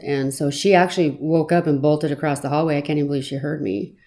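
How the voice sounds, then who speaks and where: Low, mellow-voiced woman telling her story. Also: fairly even intonation. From Arizona, US. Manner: earnest, reflective, slightly halting with fillers. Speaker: storyteller recounting her own past. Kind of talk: personal testimony, reflective storytelling.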